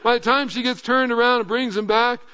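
A middle-aged male pastor telling a lively story in a sermon, then sinking into earnest, low, quiet appeals. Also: a little fast, smooth. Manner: animated anecdote, dropping to earnest low tones. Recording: dull lo-fi sound.

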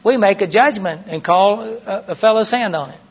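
On a dull, lo-fi sermon recording, a middle-aged man teaches in a conversational manner, his voice husky and high-pitched at a moderate pace. He poses rhetorical questions and performs the lines he quotes.

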